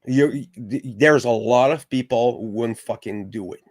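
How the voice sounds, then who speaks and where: Slow, profane, heated man. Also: mid-range voice, no echo, studio quality. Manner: profane, passionate, halting with restarts. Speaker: podcast host. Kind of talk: heated casual discussion.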